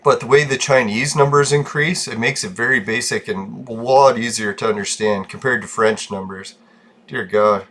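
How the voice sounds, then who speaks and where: A man's voice: mid-range voice, moderate pace, a bit bright. A man hosting a gaming channel, chatting casually and rambling, swearing freely and laughing often.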